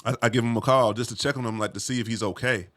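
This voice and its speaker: Bright-voiced man telling a wild story. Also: mid-range voice, rapid-fire. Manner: animated, streetwise slang, frequent "you feel me" asides. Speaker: vlogger telling a personal story. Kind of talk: casual storytelling.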